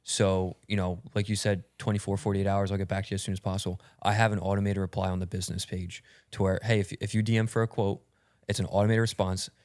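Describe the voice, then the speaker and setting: Deep, flat-voiced male podcast host. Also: quick pace, no room sound, studio quality. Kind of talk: casual podcast conversation.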